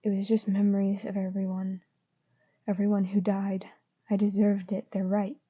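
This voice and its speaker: A woman reading the lines of a troubled, self-blaming teenage boy wizard in a quiet, flat way. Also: mid-range voice, normal speed, close to an everyday voice. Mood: guarded. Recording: dull lo-fi recording.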